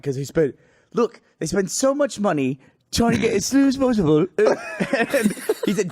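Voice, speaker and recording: A man's voice: fairly high pitch, very animated, fairly quick, no room sound, clean studio sound. A man co-hosting a podcast in casual chat, telling anecdotes with laughter and swearing. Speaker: podcast co-host.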